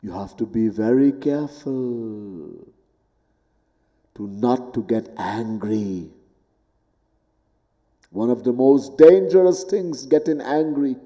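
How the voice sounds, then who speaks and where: Slow, deliberate spiritual teacher, echoing hall. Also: male voice. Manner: deliberate, with wide swings in pitch and loudness, chanting Sanskrit verses. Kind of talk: devotional lecture. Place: temple hall. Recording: long hall reverb.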